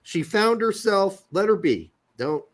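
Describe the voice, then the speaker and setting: A man's voice: sits high, measured pace. A middle-aged man co-hosting a soccer podcast, telling crude jokes and stories in casual chat. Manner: crude, joking, animated storyteller. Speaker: podcast co-host.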